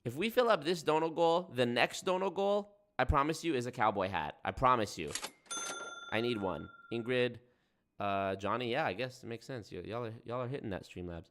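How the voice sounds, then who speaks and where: Young male streamer, casual and sarcastic, swears freely, mid-pitched voice, loose rambling delivery. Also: expressive, normal speed, fairly bright tone. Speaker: livestream host.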